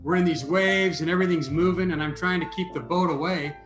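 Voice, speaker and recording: A man telling a story as an interview guest, animated and prone to restarting his sentences. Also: fairly high pitch, a little fast, reverberant, faint music behind. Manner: animated storyteller, repeats words when starting.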